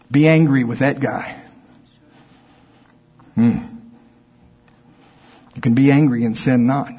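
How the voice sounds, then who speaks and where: A man preaching a sermon as pastor, lively and conversational, acting out both sides of imagined exchanges with his listeners. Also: mid-range voice, husky, dull audio.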